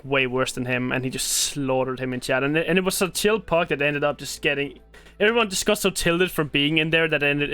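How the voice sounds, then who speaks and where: A man's voice: medium pitch, pushed and bright, clean tone. A man hosting a casual gaming podcast, easygoing and swearing freely between fillers.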